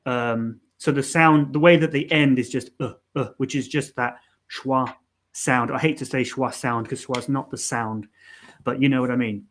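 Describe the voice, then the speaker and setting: A man co-hosting a live learning stream explains pronunciation casually and hesitantly, full of ums, fillers, and restarts. His medium-pitched voice is steady and fairly bright, at a moderate pace, with a little hiss or hum in the background.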